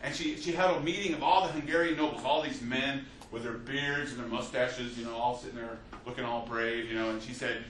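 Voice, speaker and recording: A man teaching a history class as a lecturer, telling the story with lively restarts and fillers. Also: mid-range voice, fairly quick, few pauses. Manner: animated storytelling with many restarts. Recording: echoey classroom from a distance, faint hiss.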